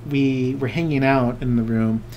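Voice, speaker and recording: A man's voice: mid-range voice, steady tone, moderate pace, muffled recording. A man co-hosting a casual podcast, rambling happily through a story. He acts out what other people said and laughs often. Faint background noise sits under his voice. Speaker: podcast co-host. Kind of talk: casual chat.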